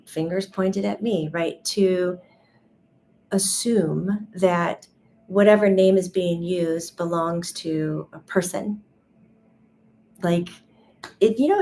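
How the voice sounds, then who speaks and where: Woman medium, lower-pitched, casual storyteller who acts out quoted dialogue. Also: slight background noise. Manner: chatty, animated retelling with quoted dialogue and many "like" fillers.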